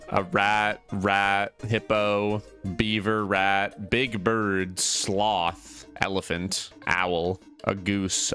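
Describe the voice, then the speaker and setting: A man's voice: medium pitch, sharp tone. A man in his twenties, tired from little sleep, chatting with his stream viewers in a rambling, sarcastic way. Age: 20s. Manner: rambling, sarcastic banter, reads chat aloud. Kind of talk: casual livestream chat with viewers.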